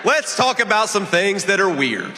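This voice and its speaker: A man giving a rousing rally speech in a large arena, some lines shouted. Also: high-pitched, sing-song, moderate pace, a crowd in the background, noisy background. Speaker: political rally speaker. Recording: long arena reverb.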